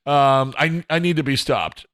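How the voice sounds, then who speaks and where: At a measured pace, a male podcast host talks alone from indoors at home in a clean, fairly bright, mid-range voice. His delivery is rambling and self-deprecating, full of chuckles and restarted sentences.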